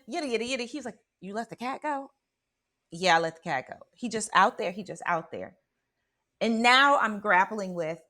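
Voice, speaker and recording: This is a woman with a low voice who hosts a spiritual radio show. She recounts a personal story animatedly and dramatically, often turning to her listeners to check in.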